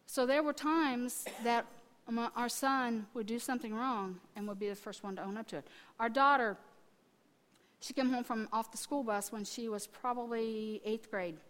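A woman in her fifties preaching a sermon, telling family stories and swinging between quiet asides and loud, emphatic testifying. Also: a little high, fairly even intonation, moderate pace.

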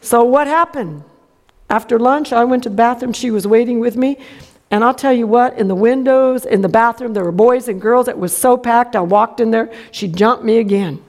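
High-voiced woman preaching with folksy stories. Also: moderate pace. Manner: folksy storytelling, acts out quotes. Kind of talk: sermon with personal story.

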